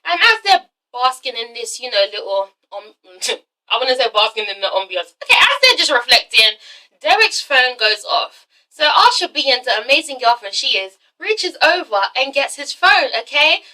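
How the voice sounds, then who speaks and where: A young woman doing a chatty, excited episode recap, acting out the characters' lines as she goes. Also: high-pitched, normal speed, recorded from a distance, poor audio. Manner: animated, giggly, slips into dramatic character voices. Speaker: TV episode reviewer. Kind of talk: excited casual recap with acted-out quotes.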